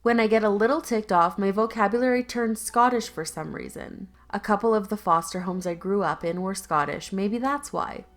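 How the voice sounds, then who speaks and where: A woman's voice: medium pitch, normal speed, hardly any pauses, fairly bright tone. A woman narrating online stories aloud in a conversational, lightly sarcastic reading style, with casual asides. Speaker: YouTube story narrator.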